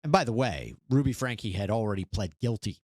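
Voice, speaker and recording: A male host walks listeners through a true-crime case in a deep, lively voice, with a wry, skeptical edge. The sound is close and dry, with no room around it. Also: brisk, dry recording. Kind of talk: true-crime news commentary.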